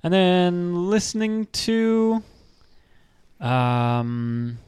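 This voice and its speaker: A man's voice: high voice, very animated, drawn-out words, a little mellow, clear, resonant tone. A man hosting a casual podcast chat, easygoing and hesitant with lots of fillers.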